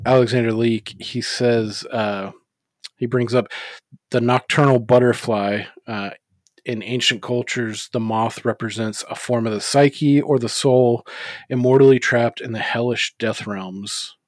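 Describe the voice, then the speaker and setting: A man's voice: mid-range voice, steady tone, unhurried, dry recording. A man co-hosting a casual movie podcast, rambling with lots of fillers and swearing freely. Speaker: podcast co-host.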